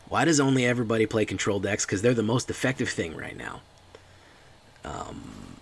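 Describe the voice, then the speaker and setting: A man with a deep voice giving casual, joking commentary while streaming a card game. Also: wildly swooping pitch, moderate pace, vocal fry, slight background noise. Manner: joking, chatty, talks to chat.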